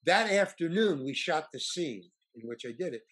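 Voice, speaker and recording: Male actor guest, lively pitch, husky, rambling casual storytelling. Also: moderate pace. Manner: rambling with many restarts and stammers. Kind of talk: casual anecdote telling.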